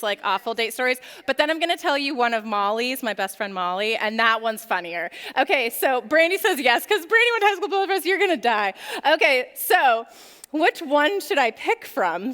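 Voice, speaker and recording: A woman's voice: high-pitched, pushed and bright, clean tone. A young woman speaking to a church youth group, telling stories in a chatty way with many "like" fillers. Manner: chatty storytelling full of "like" fillers. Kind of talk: casual youth group talk. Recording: long hall reverb.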